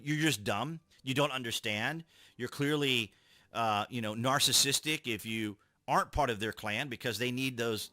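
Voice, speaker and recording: A man's voice: mid-range voice, bright, forceful tone, dry recording. A man giving casual political commentary, reading out articles and reacting with sarcastic rhetorical questions.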